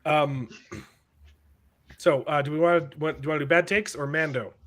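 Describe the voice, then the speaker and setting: A man's voice: a little high, steady tone, normal speed, fairly bright tone, a little hiss or hum. A man hosting a podcast in casual chat, rambling and repeating words as he starts his sentences. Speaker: podcast host.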